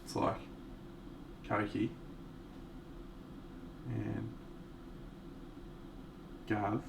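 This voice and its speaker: A man's voice: on the low side, completely flat delivery, drawn-out words, vocal fry. A man, chatting casually and swearing freely as he streams his miniature painting. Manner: laid-back, swears freely, tells an anecdote, laughs often. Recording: distant from the mic with faint background noise.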